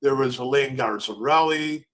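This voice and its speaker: An older man hosts a trading show, telling loose, rambling stories in a casual way and acting out what floor traders said in the pit. His mid-range voice is a bit bright and moves at a moderate pace.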